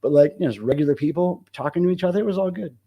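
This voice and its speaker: A man hosting a live stream, telling a story in a casual, profane, excitable rant. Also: fairly high pitch, very fast, breathy edge, dull audio. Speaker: live show host.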